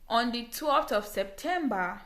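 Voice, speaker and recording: A young woman with a Nigerian English accent and a bright, forceful voice tells her own story straight to camera. She is earnest and emphatic and repeats phrases to drive points home. The sound bounces around a small echoey room. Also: fairly high pitch, expressive, unhurried. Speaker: vlogger.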